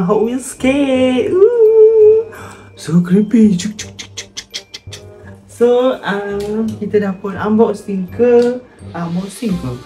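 Chatty woman, low voice. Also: darkish tone. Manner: chatty, switching between Malay and English; reads the box text aloud. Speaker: unboxing vlogger. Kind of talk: casual unboxing vlog.

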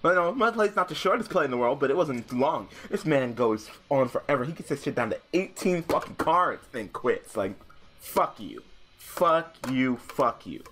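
A young man giving casual gameplay commentary, swearing and ranting in exasperation, swinging between mumbled asides and loud outbursts. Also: medium pitch, big pitch swings, normal speed, soft background music. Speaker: gaming channel host.

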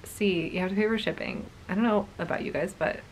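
A woman hosting a casual knitting podcast from home. She talks in a chatty, bubbly way and often drops into a soft near-whisper. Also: medium pitch, brisk, a little hiss or hum, poor audio. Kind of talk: casual chat. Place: home corner.

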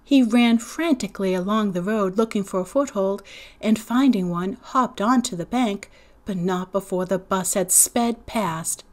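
A woman, a teacher, reading a novel aloud to students, raising her voice for the children's lines. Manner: acts out the children's lines in higher, louder voices. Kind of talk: read-aloud storytelling.

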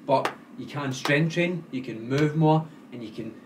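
A man's voice: a little high, a little slow. A Scottish man co-hosting a podcast in casual chat, talking bluntly and emphatically with some swearing. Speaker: podcast co-host. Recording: distant mic with faint background noise.

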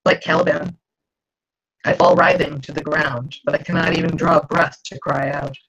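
A woman author reading her own novel aloud in a slow, dramatic, expressive way over a video call. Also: sits low, creaky, breathy edge. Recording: dull lo-fi video call audio.

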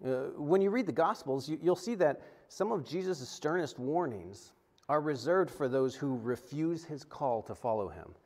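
A man's voice: on the high side, normal speed. A man, a pastor, preaching a sermon in a conversational way, often stumbling and restarting and acting out quotes. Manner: conversational, animated, frequent restarts and acted-out quotes.

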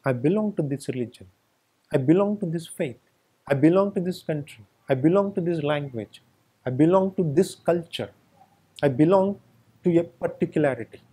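A male spiritual teacher delivers a satsang talk in a fairly high, husky voice. His pitch rises and falls animatedly as he stacks up repeated phrases for emphasis. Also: animated, moderate pace, dark tone. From India. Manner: emphatic, repetitive lists. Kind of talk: satsang discourse.

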